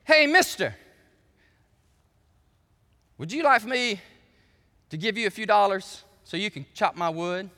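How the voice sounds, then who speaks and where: A man's voice: sits high, sing-song, a little slow, long pauses, sharp tone, long reverb tail, exaggerated voice. A man voicing a condescending wealthy woman who gives curt orders. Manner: curt and commanding.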